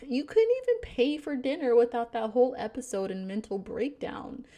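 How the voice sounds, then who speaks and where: A woman's voice: a little high, moderate pace, highs cut off. Chatty woman reviewing a film. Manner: animated, chatty, laughs often. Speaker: film reviewer, channel host. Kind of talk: casual film review narration.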